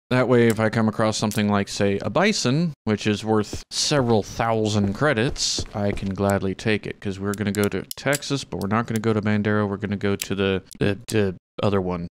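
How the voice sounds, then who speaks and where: A man's voice: lowish voice, a little hiss or hum. A man casually commenting on his own gameplay as he hunts, chatting to the animals on screen and using mild exclamations. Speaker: gaming channel host.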